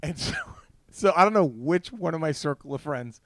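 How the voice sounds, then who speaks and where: In a dry, studio-quality recording, a podcast co-host with a fairly high voice and normal pace tells a long, funny story in a casual chat. He's animated and keeps laughing through his own tale.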